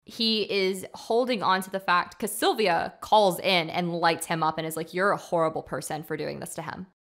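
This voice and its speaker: A woman co-hosting a casual podcast, her voice sitting a little low. She retells a film in animated fashion, slipping into the characters' quoted lines between plenty of fillers. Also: moderate pace. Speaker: podcast co-host.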